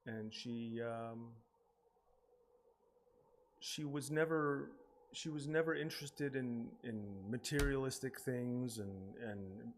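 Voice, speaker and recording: A man in his forties giving a eulogy for his mother, telling a personal story haltingly with many pauses and repeated words, his voice falling quiet at emotional moments. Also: mid-range voice, slight background noise. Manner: emotional, voice drops quietly at times.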